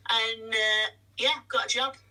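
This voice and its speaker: A woman, a musical theatre actress, chatting in an interview with quick self-deprecating asides. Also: a little high, steady tone, sharp tone, far from the mic, poor audio. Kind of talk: casual interview chat.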